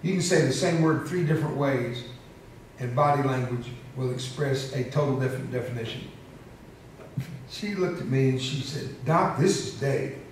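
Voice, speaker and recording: A man's voice: mid-range voice, normal speed, slight background noise. Older guy in his 70s, funny emotional storyteller, echoey big room, kinda far from the mic. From United States. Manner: humorous, emotional, laughs often. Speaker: motivational speaker. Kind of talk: storytelling speech to an audience. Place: large hall with an audience. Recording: echoey hall, heard from a distance.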